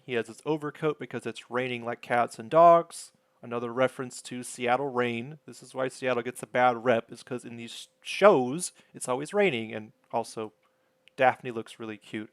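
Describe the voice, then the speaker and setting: A man's voice: mid-range voice, creaky, clear, resonant tone, dry recording. Male recapper; casual, rambling, self-deprecating delivery, dry close sound. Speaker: episode recapper. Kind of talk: casual sitcom episode recap.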